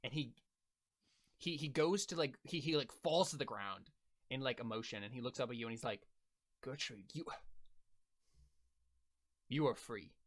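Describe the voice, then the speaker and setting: A man's voice: mid-range voice, fairly quick. Casual man running a tabletop game. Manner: casual, hesitant with many fillers. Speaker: game master.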